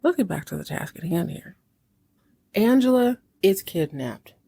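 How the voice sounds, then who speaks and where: A woman's voice: lowish voice, expressive, vocal fry, mellow, breathy edge. Chatty woman recapping a TV drama. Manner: chatty and wry, acts out characters' lines in quick voices. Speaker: podcast host recapping a TV series. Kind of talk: casual chat recap.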